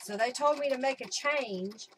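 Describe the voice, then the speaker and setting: A woman's voice: high-pitched, moderate pace, a little hiss or hum. A woman hosting a casual craft live stream from her home craft room, chatting and thinking aloud as she works.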